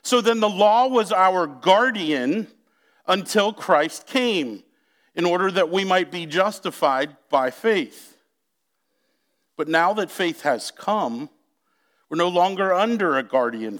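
A man's voice: high voice, expressive, a bit bright. A man pastor preaching a sermon, drawing out key words and speaking directly to the congregation. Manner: slow, emphatic preaching with drawn-out key words.

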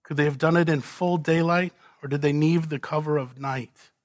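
A man preaching an expository sermon, asking rhetorical questions and swinging between loud emphasis and hushed lines. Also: on the high side, fairly even intonation, normal speed, no echo, studio quality. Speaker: pastor.

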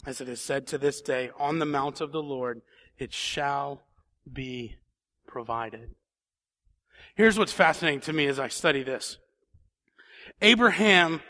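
A man's voice: on the high side, pushed and bright. A man preaching a sermon in a church, reading scripture and then building to emphatic questions. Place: church sanctuary.

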